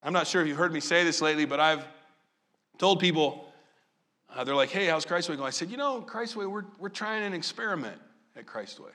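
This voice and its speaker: Animated, bright-voiced male preacher. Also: fairly high pitch, a little fast. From Southern Illinois. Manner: animated, asks the congregation questions. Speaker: pastor. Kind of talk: sermon.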